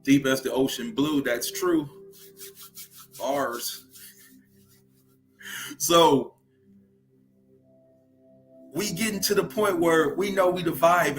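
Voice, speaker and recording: A man's voice: on the high side, slow, long pauses, faint music behind. A young man from Louisiana with a Southern accent hosts a spiritual livestream talk in a preachy way, often asking "right?" to check in with his viewers.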